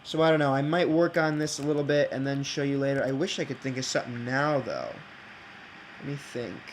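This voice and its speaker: A man thinking out loud while building in a block game, rambling and hesitant, with many fillers and restarts. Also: medium pitch, brisk, a little hiss or hum, rough recording. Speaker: game video creator. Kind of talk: casual think-aloud game commentary.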